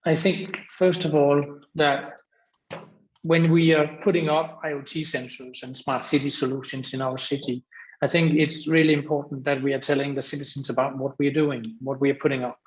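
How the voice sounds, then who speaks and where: A man's voice: medium pitch, little pitch movement, moderate pace, slight background noise. Danish man answering at length, echoey. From Denmark. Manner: rambling, restarts often. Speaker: panel speaker. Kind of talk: panel discussion answer.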